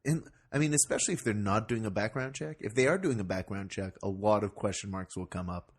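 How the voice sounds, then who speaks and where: A man's voice: on the low side, fast talker. A young man co-hosting a casual comedy podcast, dry and teasing, playing the straight man. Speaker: podcast co-host.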